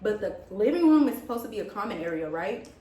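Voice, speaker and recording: A young woman vlogger telling a story in casual chat, animated and dramatic, quoting what people said. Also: medium pitch, quick pace, a little hiss or hum. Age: young adult. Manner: animated, dramatic retelling with gasps and quoted lines. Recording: echoey room, mic at a distance.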